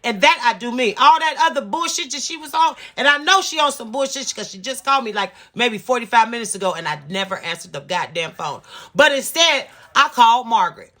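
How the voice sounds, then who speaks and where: A woman's voice: fairly high pitch, lively intonation, brisk, sharp tone. A woman in her fifties ranting in a storytime vlog, profane and emphatic, repeating herself to drive points home. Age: 50s. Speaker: vlogger. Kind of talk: storytime rant.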